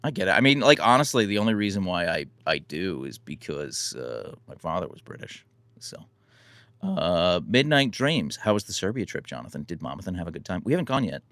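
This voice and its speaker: An American man hosting a relaxed live stream, reading and answering chat questions in a rambling, self-deprecating way. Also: low-pitched, fairly quick, no echo. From United States. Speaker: livestream host answering chat.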